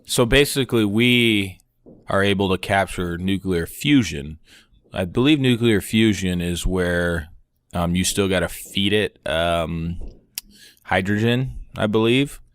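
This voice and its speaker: A man's voice: low-pitched, unhurried, dry recording, clean studio sound. A man co-hosting a podcast, rambling loosely in casual chat and swearing freely. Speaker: podcast co-host.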